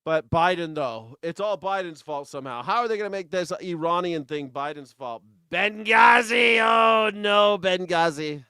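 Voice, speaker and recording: A man's voice: a little high, expressive, normal speed, hardly any pauses, a bit bright, smooth, no echo. A man hosting a live news reaction show, talking in a sarcastic, rambling, jokey way. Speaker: host.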